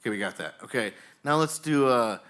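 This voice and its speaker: A man with a bright, forceful voice hosts a live comedy show from a bar stage, speaking into a handheld mic. His talk rambles and stalls on fillers as he jokes with the crowd and coaxes reactions from them. His pitch sits in an ordinary middle range. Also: lively intonation. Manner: rambling, halting, jokey, with many fillers. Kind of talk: live comedy, directing the audience.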